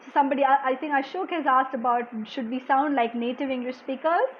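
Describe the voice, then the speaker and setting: A woman from India teaching a live online class, answering viewers' questions in a soft, quiet voice, saying "okay" often. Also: brisk, lo-fi sound, a little hiss or hum. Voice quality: soft-spoken, low volume. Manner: explanatory, reads out viewer comments, frequent "okay". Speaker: language exam coach. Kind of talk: live-streamed lesson answering chat questions.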